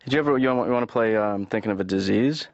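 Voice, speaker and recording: A man's voice: fairly low pitch, no echo, close to an everyday voice. An actor playing a lazy, aimless young man who mumbles and halts in a cartoon, heard as muffled lo-fi TV audio. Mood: mumbling. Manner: mumbling, halting, drawn out.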